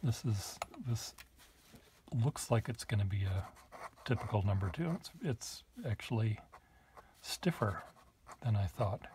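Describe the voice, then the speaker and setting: A man's voice: fairly low pitch, expressive, a little slow, long pauses, darkish tone, a little hiss or hum. A man showing pens to the camera in a casual, musing way, thinking aloud with small asides while he writes at a desk. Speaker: pen collector demonstrating nibs. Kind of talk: casual show-and-tell to camera.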